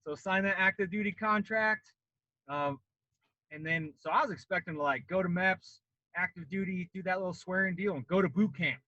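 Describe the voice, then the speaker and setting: Speaking fairly quickly in a voice that sits high, a Colorado man in his late thirties who once served as a Marine tells a long podcast story casually. He acts out the people's voices with animation, in a muffled recording with no echo.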